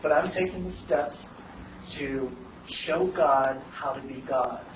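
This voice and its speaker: A man's voice: on the high side, takes it slowly. Earnest man, far off in an echoey room. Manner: earnest, hesitant with ums. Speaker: meeting participant. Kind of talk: personal statement. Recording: distant, echoey, dull, noisy.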